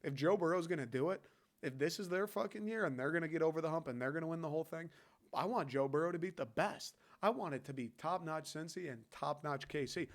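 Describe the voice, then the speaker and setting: Fired-up, profane man ranting about sports. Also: fairly high pitch. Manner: loose and conversational, talks to the listener as "dude". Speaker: podcast host. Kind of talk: casual sports talk.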